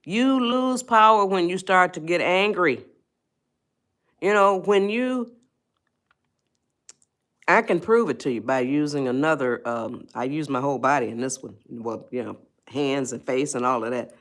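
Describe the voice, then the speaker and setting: A woman's voice: sits low, lively intonation, unhurried, long pauses, fairly bright tone. Woman, live-stream host, casual, coaxing, talks straight to viewers. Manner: chatty, coaxing viewers, restarts and rewinds. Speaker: livestream host, life coach.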